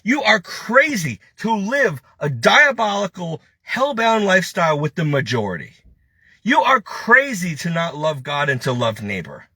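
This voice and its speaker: A man's voice: high voice, very animated, unhurried, bright, forceful tone, slightly rough, no room sound. A man venting in a heated, preachy monologue, scolding and then complaining with frustration. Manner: frustrated, self-pitying. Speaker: lay preacher.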